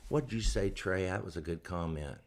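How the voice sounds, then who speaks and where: A man's voice: low-pitched, animated, fairly quick. A man hosting a casual livestream chat, folksy and joking as he asks his guest questions. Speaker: livestream host.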